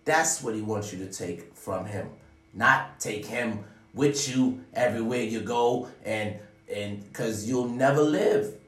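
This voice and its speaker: Low-voiced man preaching life advice, roomy. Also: slow pace, recorded from a distance, soft background music. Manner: preachy, profane, repeats "ladies and gentlemen". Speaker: vlogger giving life advice. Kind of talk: motivational monologue to the audience. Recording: roomy sound, away from the mic.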